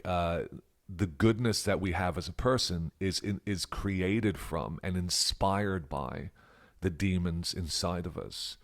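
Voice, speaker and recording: An Australian man giving a reflective English grammar lesson, musing aloud and now and then dropping to a whisper to act out example questions. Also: low-pitched. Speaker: English teacher.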